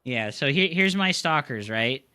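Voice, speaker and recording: A man's voice: medium pitch, animated, measured pace, sharp tone, clean tone. A young man streaming live game commentary, ranting with frustration and cursing constantly in loose slangy gamer talk. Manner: frustrated ranting, heavy swearing.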